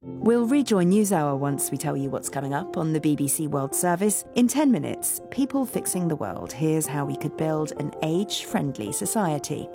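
A woman announcer reading scripted programme trailers in a smooth, polished way. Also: low-pitched, expressive, normal speed, over music. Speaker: radio continuity announcer.

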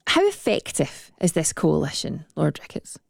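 A woman presenting a breakfast radio show, interviewing a guest and chatting between items in a relaxed, conversational way. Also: deep voice, moderate pace, creaky, no echo, studio quality. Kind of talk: live radio interviewing and chat.

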